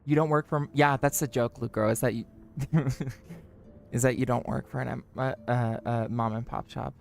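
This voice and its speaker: A livestreamer chatting casually with viewers and friends, joking, swearing and mocking themselves, with the pitch jumping high for greetings. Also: fairly even intonation, normal speed, vocal fry, faint music behind. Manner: joking, profane, self-mocking.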